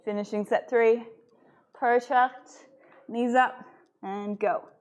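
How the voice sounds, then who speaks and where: A woman fitness coach giving calm cues during a live-streamed workout. She laughs often and is slightly out of breath. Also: a little high. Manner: slow, calm cueing with frequent laughter.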